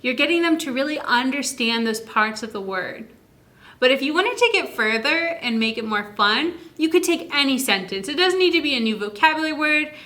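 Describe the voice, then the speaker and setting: Bright, encouraging woman teaching parents. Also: high voice, lively intonation. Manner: slow, stretched-out words to demonstrate sounds. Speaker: early literacy educator. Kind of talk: instructional video talk to parents.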